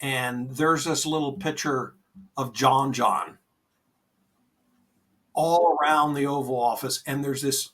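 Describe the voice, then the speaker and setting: A man co-hosting a podcast, talking about faith in an earnest, gentle, reassuring way, often saying "you know". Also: mid-range voice, distant mic. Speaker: podcast co-host. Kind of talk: conversational faith talk.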